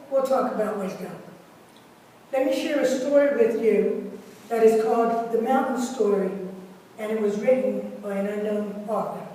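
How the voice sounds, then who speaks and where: Slow-speaking woman preaching in an echoey church. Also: on the high side, mellow. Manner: slow, deliberate delivery with measured pauses. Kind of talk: sermon. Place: church sanctuary. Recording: echoey church hall from far off, faint hiss.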